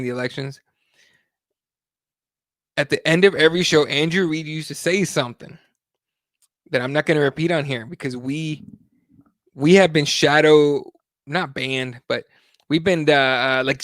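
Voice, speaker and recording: A man hosting a live online talk show rambles through a casual, swearing-laden rant. His voice sits a little high for a man, and the sound is dry and close, with no room in it. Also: fairly bright tone, no echo. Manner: profane, rambling, heated. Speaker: host.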